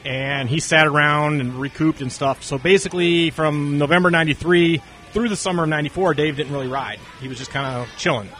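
A man's voice: a little high, brisk, faint music behind. A man in casual conversation telling long stories, acting out the dialogue of the people in them. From North Carolina. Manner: animated, acts out quoted dialogue. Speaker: interview guest. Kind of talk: casual storytelling.

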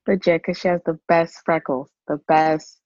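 A woman's voice: sits low, steady tone, normal speed, darkish tone, no echo. A young woman from Southern California co-hosting a podcast in casual chat, bubbly and laughing often. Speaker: podcast co-host. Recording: dry, slightly dull sound.

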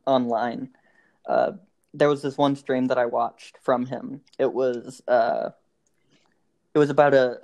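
A man's voice: mid-range voice, gravelly, darkish tone. A young man in casual chat, telling a rambling story with many restarts and frequent laughs.

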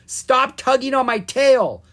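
A reader voicing a bold, cheerful young girl dragon in a children's storybook, speaking in a bright, excited way. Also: mid-range voice, measured pace, breathy edge, voice pushed up, heavily acted. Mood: shouting. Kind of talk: storybook character voice.

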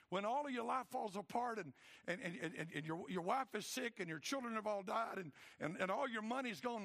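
A man, preaching a sermon emphatically and acting out voices, swinging between loud and hushed. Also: high-pitched, vocal fry. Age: 60s. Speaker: pastor.

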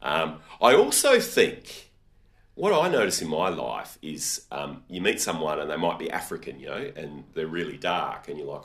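Deep-voiced podcast host. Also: male voice, big pitch swings, normal speed, a bit bright. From Australia. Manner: chatty, thinking aloud with frequent restarts. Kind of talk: casual conversational interview.

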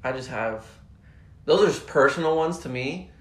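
A man's voice: fairly high pitch, animated, moderate pace, a bit bright. A young man speaking as a podcast guest in casual chat, laid-back and prone to mumbled asides. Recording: echoey room.

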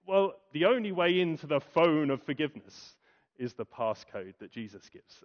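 A man preaching a sermon, asking rhetorical questions and pausing for effect. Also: mid-range voice, sing-song. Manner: rhetorical questions, dramatic pauses and acted quotes. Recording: dull lo-fi recording.

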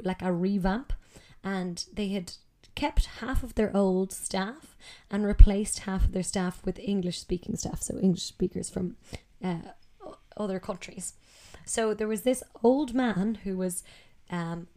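Woman, storyteller, warm mellow tone, chatty, hesitant fillers. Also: medium pitch. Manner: conversational, with frequent ums and self-corrections. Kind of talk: personal storytelling.

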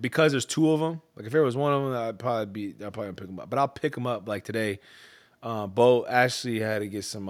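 Profane laughing dad telling stories. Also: male voice, fairly low pitch. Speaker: father. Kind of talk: casual chat.

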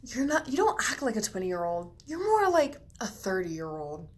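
A woman's voice: medium pitch, very animated, normal speed, husky. A woman co-hosting a casual chat podcast, chatting easily, laughing along and agreeing often with her friend. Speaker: podcast co-host.

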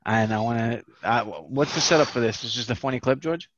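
A man's voice: mid-range voice, lively intonation, fairly quick, fairly bright tone, no room sound, muffled recording. Laid-back podcast co-host man. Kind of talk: casual podcast chat.

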